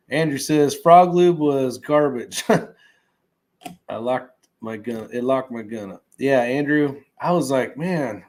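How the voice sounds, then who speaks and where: A man hosting a relaxed livestream, reading viewer comments aloud and chatting loosely with plenty of fillers and chuckles. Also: medium pitch. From California. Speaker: host reading live chat. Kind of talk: casual livestream chat.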